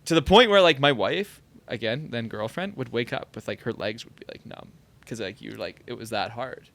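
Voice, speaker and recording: A man's voice: medium pitch, moderate pace, gravelly, a little hiss or hum. A man in a podcast studio, a former pro soccer player telling stories in a casual chat, full of "like". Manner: animated storyteller, heavy use of "like".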